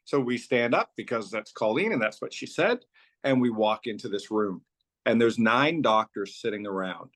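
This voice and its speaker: Male guest, founder type, mid-pitched voice, loose chatty storyteller, lots of "so" and "like". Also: animated, normal speed, a bit bright. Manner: loose and rambling, strings clauses with "so" and "like". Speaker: company founder telling his story as a guest. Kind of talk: casual conversational storytelling.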